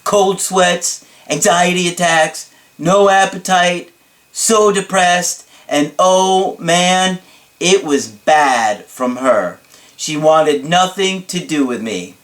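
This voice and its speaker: A man's voice: high-pitched, fairly bright tone, pitched above the performer's own voice. A man doing a dramatic, gushing young guy. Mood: effusive. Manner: drawn-out, emphatic delivery. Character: excitable young male client, dramatic and effusive.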